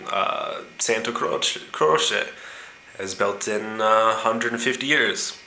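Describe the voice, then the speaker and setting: A young man voicing a male tour guide who speaks slowly and matter-of-factly, in an echoey room. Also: fairly low pitch, gravelly, pushed and bright, a little hiss or hum, exaggerated voice. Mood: dry.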